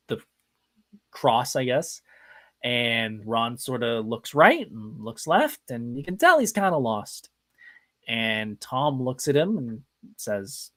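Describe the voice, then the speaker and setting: A man's voice: mid-range voice, fairly bright tone. Guy hosting a podcast, just chatting, telling stories, pokes fun at himself, regular mid-range voice. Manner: chatty, anecdotal, self-deprecating. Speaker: podcast host. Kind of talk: casual live podcast storytelling.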